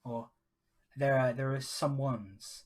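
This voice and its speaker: A man voicing a spectral glowing maiden of the sea who speaks calmly and offers a bargain in a tabletop game. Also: medium pitch, slow pace. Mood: cryptic.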